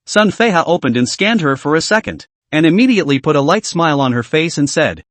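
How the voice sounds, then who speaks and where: A man reading scripted story narration in a steady storytelling manner. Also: fairly high pitch, moderate pace, few pauses, no room sound.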